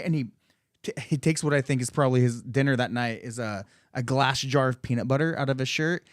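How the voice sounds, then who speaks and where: A man's voice: medium pitch, a little fast, no room sound, studio quality. A man telling a long personal story in casual podcast chat, full of profanity and acted-out quotes in a raised voice.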